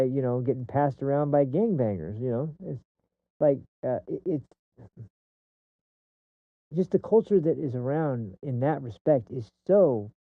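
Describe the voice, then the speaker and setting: A podcast host with a mid-range voice offers a casual, off-the-cuff commentary monologue that rambles, restarts, and leans on fillers, with swearing when he gets heated. No room sound is present, and the audio is dry and tinny like a phone.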